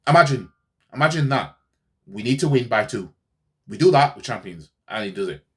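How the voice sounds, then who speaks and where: A man's voice: medium pitch, lively intonation, brisk, husky. A man hosting a fan channel, ranting sarcastically in a heated football reaction, repeating himself as he goes.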